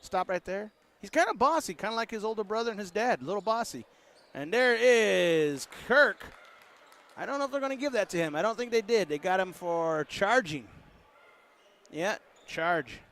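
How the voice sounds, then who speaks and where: A play-by-play announcer with a high, slightly bright voice calls a basketball game in casual, joking commentary. Animated and at a moderate pace, he keeps up a running patter and invents lines for the players while a ball bounces faintly in the gym behind him.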